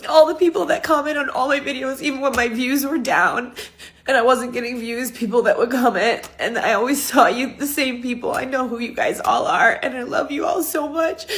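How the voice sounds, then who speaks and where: A woman who is a social media creator, crying as she speaks in a heartfelt farewell vlog, halting and full of fillers. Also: high-pitched.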